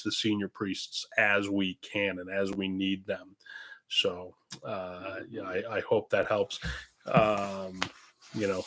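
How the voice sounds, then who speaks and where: Chatty parish priest with a bright voice. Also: male voice, fairly low pitch. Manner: chatty and meandering, drifting between topics. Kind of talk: casual livestream Q&A. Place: indoors at home, own room. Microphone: computer streaming setup.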